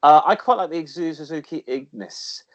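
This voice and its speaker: A man's voice: a little high, lively intonation, moderate pace, lo-fi sound. A man co-hosting a casual car chat show from a home studio, rambling and joking, now and then putting on silly voices. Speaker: co-host.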